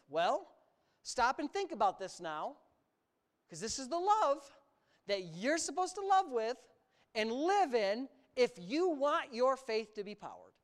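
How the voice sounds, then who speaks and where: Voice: high-pitched, big pitch swings, measured pace. A preacher from the United States delivering a sermon, talking emphatically, stretching words for emphasis and adding sarcastic asides.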